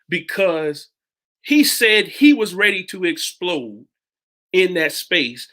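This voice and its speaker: A man preaching a sermon, retelling a story in a halting way with many restarts and sudden jumps in pitch. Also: big pitch swings, sharp tone.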